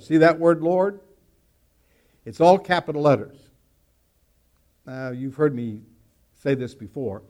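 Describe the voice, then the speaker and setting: A man preaching a sermon, reading scripture aloud and explaining it word by word, with emphatic stress that swings between loud and quiet. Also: a little high, lively intonation, slow pace, pauses often. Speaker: pastor.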